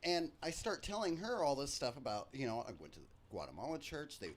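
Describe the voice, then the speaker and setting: A man hosting a live stream, telling comic stories from his life in a profane, animated way. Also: on the high side, a little hiss or hum. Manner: profane, animated, quick jokes. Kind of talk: comedic storytelling.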